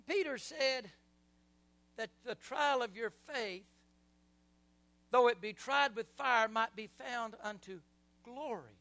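A middle-aged male preacher with a strikingly high, bright, forceful voice. He delivers an impassioned sermon, dropping soft and then surging loud, and leads the congregation in call-and-response. The sound is dry and close, with no room echo. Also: unhurried, pauses often. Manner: swings between soft passages and loud surges. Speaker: pastor.

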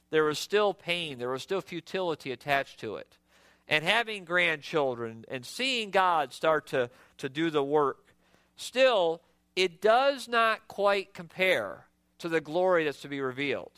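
A man's voice: a little high, sharp tone, clean tone, no room sound. A man preaching a sermon in an earnest, emphatic way, repeating words as he builds each point.

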